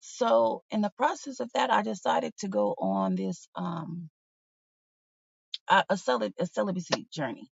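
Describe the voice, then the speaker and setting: A woman's voice: mid-range voice, very animated, measured pace, creaky, slightly rough, dry recording. A woman hosting a livestream, talking candidly and bluntly in a rambling, casual way to her viewers. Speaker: livestream host. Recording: dull, slightly lo-fi sound.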